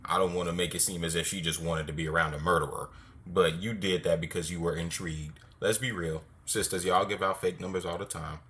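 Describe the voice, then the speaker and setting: Very deep-voiced man lecturing. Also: steady tone, fairly quick, fairly bright tone. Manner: lecturing, dismissive. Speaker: commentator reacting to a clip. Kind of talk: commentary.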